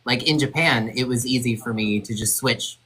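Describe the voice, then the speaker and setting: A man hosting a casual group chat over a video call, animated and often laughing. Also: mid-range voice, moderate pace, breathy edge, poor audio. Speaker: host.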